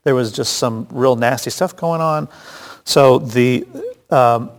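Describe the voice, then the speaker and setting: A man's voice: medium pitch, slow. A man teaching a casual Bible study, chatty and joking, with frequent restarts and asides. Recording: long hall reverb.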